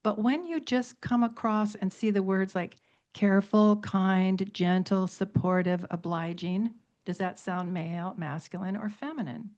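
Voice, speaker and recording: A woman's voice: mid-range voice, measured pace, darkish tone, dull audio. A middle-aged woman teaching about temperaments on a radio talk show, emphatic, stringing words into long lists and repeating points for stress.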